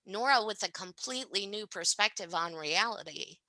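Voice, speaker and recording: A woman's voice: mid-range voice, expressive, moderate pace, bright, forceful tone, no echo, rough recording. A woman speaking as a podcast guest, telling stories casually and animatedly, often tagging sentences with "right?" and laughing. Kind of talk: casual conversational storytelling.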